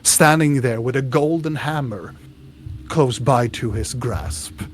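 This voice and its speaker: A man narrates as game master at an unhurried pace, painting each scene detail by detail. He often stops and restarts his sentences mid-thought. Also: mid-range voice, a little hiss or hum. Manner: descriptive, with restarts.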